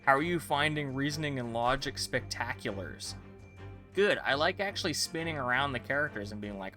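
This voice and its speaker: A man playing a game on stream and chatting between scenes. His voice moves lively up and down as he jokes. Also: mid-range voice, fairly quick, music in the background. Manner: joking, chatty commentary. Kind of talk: casual chat.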